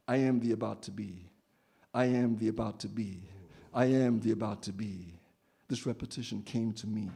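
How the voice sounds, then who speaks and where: Man, poetry reading, incantatory cadence, husky, dark tone. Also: on the low side. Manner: incantatory, repetitive chanting cadence. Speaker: poet.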